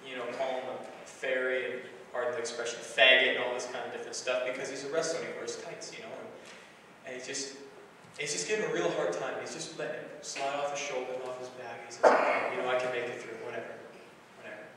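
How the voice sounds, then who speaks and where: A man preaches to a congregation, telling a story in a relaxed, conversational manner full of asides. His voice sits at an ordinary pitch and comes from a distance. A long, booming reverb fills the large hall around him. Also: quick pace. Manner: conversational storytelling with filler phrases. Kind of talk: sermon retelling a film story. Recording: echoey hall recording from far off, faint hiss.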